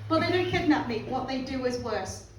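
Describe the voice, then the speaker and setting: High-voiced British woman telling comic stories. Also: normal speed, a little hiss or hum. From England. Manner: laughing at her own jokes, animated impressions. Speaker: stand-up comedian. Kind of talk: comedic storytelling. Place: comedy club stage. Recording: roomy live club from far off.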